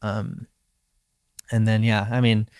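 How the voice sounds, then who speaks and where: A young man from Hawaii tells a personal story in a relaxed, reflective interview manner, slipping into his own inner voice as he recounts it. His voice is smooth and resonant. He is recorded dry and close to the mic. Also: lowish voice, slow, no room sound. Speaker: professional surfer, guest.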